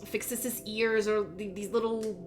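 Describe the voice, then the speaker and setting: A woman's voice: mid-range voice, little pitch movement, unhurried. Casual woman running a tabletop game. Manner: casual, hesitant, many fillers. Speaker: game master. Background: faint background music.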